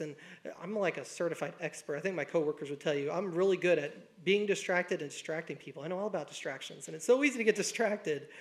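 A young man preaching a conversational sermon, telling a story with a self-deprecating touch and acting out the people he quotes. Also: sits high.

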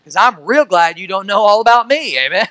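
Lively high-voiced Midwestern preacher. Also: male voice, brisk, no room sound, rough recording. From Missouri, US. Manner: lively preaching with call-and-response questions, swings from soft to loud. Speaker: pastor. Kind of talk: sermon.

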